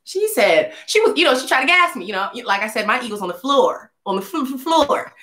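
A young woman telling a casual storytime vlog, animated and slangy, acting out the voices of people in her story. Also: high voice, a little fast. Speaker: singer vlogging a story. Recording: echoey room.

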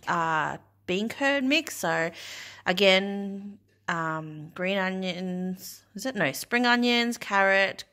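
A woman's voice: on the low side, sharp tone. A young woman vlogging casually about her day as a mum, rambling with lots of "um" and "like". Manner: rambling, many fillers like 'um' and 'like'. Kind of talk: casual vlog chat.

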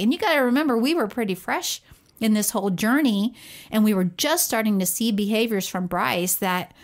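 A woman co-hosting a parenting podcast, telling a personal story in casual chat, animated and laughing often as she talks. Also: fairly high pitch, a little fast. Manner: animated storyteller who acts out quoted voices.

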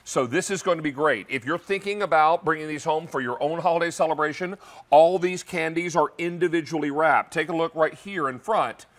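A man's voice: on the high side, brisk, a bit bright. A man hosting a live home shopping show from a studio kitchen, chatty and folksy, with Southern sayings. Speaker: TV shopping host.

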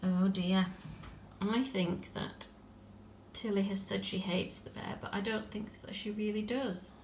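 A woman's voice: medium pitch, steady tone, unhurried, echoey room, slight background noise. Woman teacher reading a story to children. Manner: gentle, coaxing questions to young pupils.

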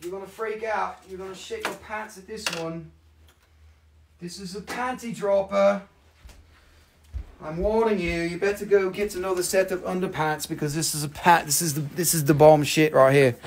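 A man hosting a live crystal sale, talking in an excitable, profane way with sudden jumps in pitch. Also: normal speed. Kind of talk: excited live sales chat.

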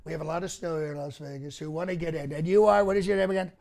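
A man's voice: on the high side, steady tone, racing, gravelly, a little mellow. A male comedian doing an impression of a boastful president, rambling and repeating himself in a mock press conference. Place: mock press room set.

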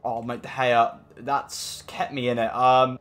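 Brit guy gaming, swears loads, mutters then yells, mid pitch, bit of music under it. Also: unhurried. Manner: swears often, swings from frustrated mutters to excited shouts. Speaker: gaming YouTuber. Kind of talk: live gameplay commentary.

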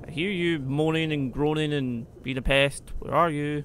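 A man commentating his game play, excitable, talking to the creatures and shouting when he panics. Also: on the high side, normal speed, hardly any pauses, noisy background. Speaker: gaming YouTuber.

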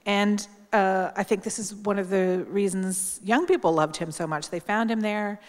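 A woman's voice: mid-range voice, steady tone, moderate pace. A middle-aged woman journalist giving a candid, wry tribute speech at a memorial, talking casually with plenty of ums. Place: large hall at a public event. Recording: long hall reverb.

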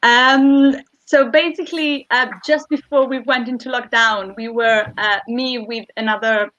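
A woman's voice: a little high, steady tone, a little slow, fairly bright tone. A woman, a guest choreographer, answering from her room at home, hesitant and full of fillers. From Italy. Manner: hesitant, many fillers while explaining. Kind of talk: casual interview answers. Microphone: video call. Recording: muffled video call audio.

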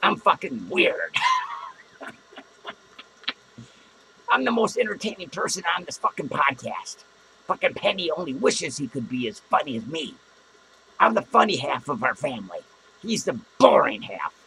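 A boozy, foul-mouthed clown, put on by a man, rants from a small podcast studio, cackling at his own jokes. His voice is gravelly and sharp-edged, lurching from low grumbles to high squeals. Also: sing-song, normal speed, pauses often, slight background noise, full character voice, low-quality recording. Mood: boozy rambling. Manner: rambling, profane, self-mocking, with loud cackling laughs. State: drunk. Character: crude rambling drunk male clown. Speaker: podcast host. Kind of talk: comic in-character podcast rant.

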